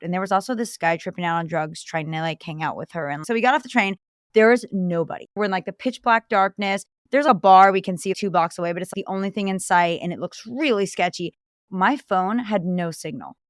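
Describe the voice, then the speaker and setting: A woman's voice: lowish voice, no room sound, clean studio sound. A woman giving travel safety advice in a conversational, earnest way, telling stories with animation. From Florida-based.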